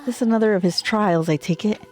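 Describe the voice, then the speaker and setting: A woman's voice: medium pitch, fairly quick, voice pushed up, natural voice. A woman voicing a defiant young heroine in a horror game, reading her lines with scorn.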